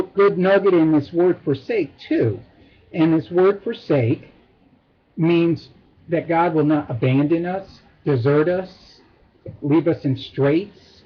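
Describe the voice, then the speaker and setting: A man giving a short Bible devotional as a teacher, slowly repeating phrases for emphasis. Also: fairly high pitch, husky. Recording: dull lo-fi recording.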